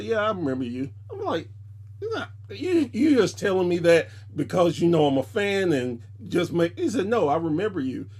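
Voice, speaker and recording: A man with a slightly higher-pitched voice tells a story as a podcast guest. He talks casually and with animation, jumping into quoted voices as the anecdote unfolds. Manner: animated, jumps into voices when quoting people.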